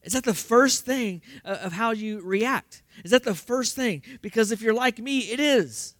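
A man preaching with a notably high voice. He works through rhetorical questions and breaks into emphatic bursts. The recording is dry, with almost no room sound. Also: lively intonation, a little slow, fairly bright tone, no echo. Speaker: pastor. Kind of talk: sermon.

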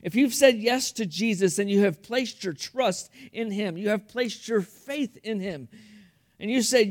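A man's voice: high-pitched, unhurried. A man preaching a sermon as pastor, telling a story earnestly, with frequent repetitions. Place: church room.

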